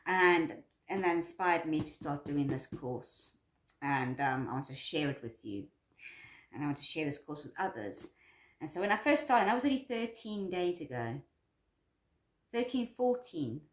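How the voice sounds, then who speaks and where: Upbeat woman vlogging in an echoey room. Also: lowish voice. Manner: rambling, repeats herself, upbeat and self-affirming. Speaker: vlogger and course creator. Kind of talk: emotional personal check-in vlog.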